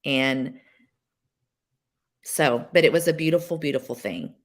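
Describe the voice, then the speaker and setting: A woman guest sharing a personal story on a podcast, emotional and halting, with many fillers and restarts. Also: a bass voice, animated. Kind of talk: candid personal testimony.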